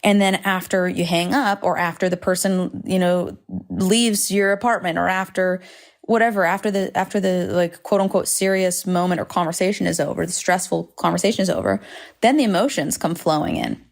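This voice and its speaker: Recording a solo podcast monologue at home indoors, a woman host speaks in a lowish, creaky voice at a slightly fast pace. She's candid and rambling, swears freely, and is self-deprecating.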